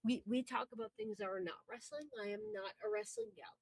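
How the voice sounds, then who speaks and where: A woman from Wisconsin with a Wisconsin accent, co-hosting a casual chat over a remote call and telling stories in an animated, swearing, laughing way. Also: a little high, brisk, no room sound, rough recording. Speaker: podcast co-host.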